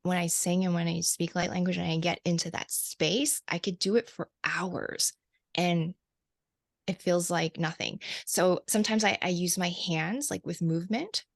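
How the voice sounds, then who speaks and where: A woman's voice: fairly low pitch, steady tone, normal speed, gravelly, no echo, clean studio sound. A woman who works as a light language channeler, talking reflectively as an interview guest, laughing often and restarting her sentences. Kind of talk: casual interview conversation.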